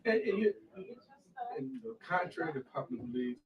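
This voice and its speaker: A man's voice: fairly high pitch, expressive, normal speed. A man co-hosting a local political talk show in a casual, blunt and emphatic way. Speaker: political show co-host, former county commissioner. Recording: muffled sound from a distant mic.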